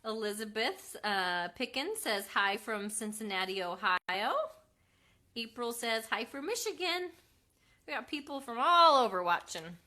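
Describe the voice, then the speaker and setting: A woman's voice: medium pitch, expressive, unhurried, sharp tone. A woman hosting a casual live craft demonstration at home. She chats loosely, reads out viewer comments, and corrects herself with frequent ums. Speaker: craft livestream host and mother. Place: at home with her kids.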